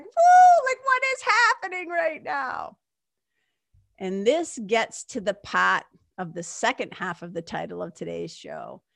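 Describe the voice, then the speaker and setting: A woman's voice: a little high, no echo, clean studio sound. Gushing woman podcast host. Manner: animated, gushing, fast bursts, casual swearing. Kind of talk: excited solo podcast storytelling.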